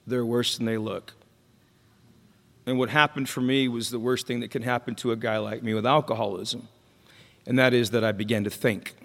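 A man's voice: medium pitch, fairly even intonation, a little fast, a bit bright. A man speaking at a recovery meeting, telling his own story candidly with jokes and questions to the crowd. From Mexican-American. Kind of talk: personal testimony talk. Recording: long hall reverb.

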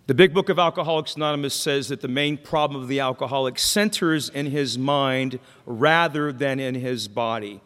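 A man's voice: medium pitch, moderate pace, hardly any pauses, a bit bright. Wisecracking man sharing his story. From Mexican-American. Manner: candid, wisecracking storyteller with crowd asides. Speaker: recovery meeting speaker. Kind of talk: personal testimony talk. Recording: long hall reverb.

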